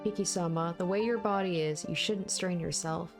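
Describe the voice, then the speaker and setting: A woman's voice: fairly low pitch, moderate pace, music in the background, lightly acted. A woman voicing a young female maid who speaks in a polite, formal, pleading way.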